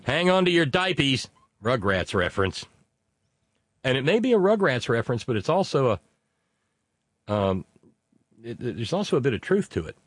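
A man's voice: medium pitch, sing-song, moderate pace, long pauses, breathy edge, dry recording, clean studio sound. A man hosting a casual political talk show, reading out listener messages in a rambling, sardonic way with many fillers.

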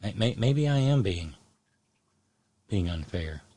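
A man hosting solo political commentary, sardonic and halting, often restarting his words. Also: deep voice, animated, mellow, breathy edge, dry recording.

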